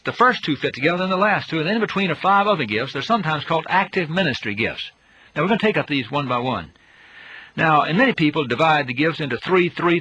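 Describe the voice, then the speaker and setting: A man's voice: on the high side, pushed and bright, slightly rough, rough recording. A man giving a Bible teaching, emphatic, his voice rising on rhetorical questions.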